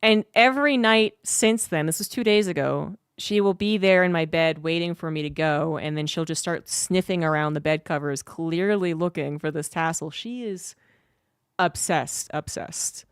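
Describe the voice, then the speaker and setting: A woman's voice: low voice, moderate pace, hardly any pauses, clean tone, no room sound, clean studio sound. A woman streamer in a casual livestream chat, telling a rambling, cursing story.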